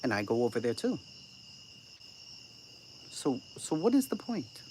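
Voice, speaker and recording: Casual streamer-host, lively sing-song delivery, swears freely, sarcastic edge, faint crickets in the background. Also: mid-range voice, unhurried, slight background noise. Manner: blunt, profane, sarcastic. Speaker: channel host reading live chat. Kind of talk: casual live-stream commentary.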